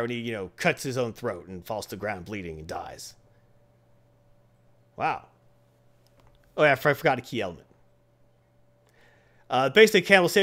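A man casually reviewing a comic series, rambling and animated, acting out voices while telling a joke. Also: mid-range voice, fairly quick, pauses often.

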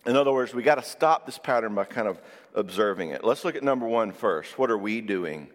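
A middle-aged man preaches a sermon on marriage, telling animated stories, acting out the quotes, and checking in with listeners through frequent "all right?" asides. His voice is fairly low and fairly quick, with long hall reverb around it.

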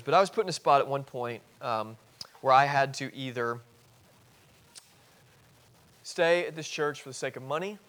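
A man in his thirties preaching a sermon as pastor in a church, earnest, swinging between loud emphasis and soft asides. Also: medium pitch. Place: church sanctuary.

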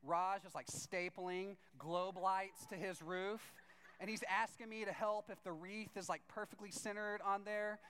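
A man telling a funny personal story to a church audience, animated and self-deprecating, with sudden excited outbursts. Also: sits high, measured pace. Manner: animated, self-deprecating, jumps into excited shouts when acting out his own reactions. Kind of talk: comic storytelling.

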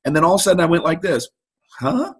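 Fairly high-pitched and husky, this middle-aged man talks in rapid-fire bursts. He's an interview guest telling a lively story and putting on the voices of those he quotes.

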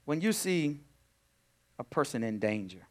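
A man preaching a sermon as pastor, swinging between quiet talk and loud, urgent emphasis. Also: medium pitch, sing-song, a little slow.

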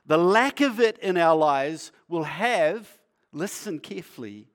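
A male pastor preaching in a conversational, playful way, asking the congregation questions and sometimes dropping to a quiet, earnest tone. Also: expressive, a little slow. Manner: acts out a shopkeeper's sales pitch. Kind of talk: sermon.

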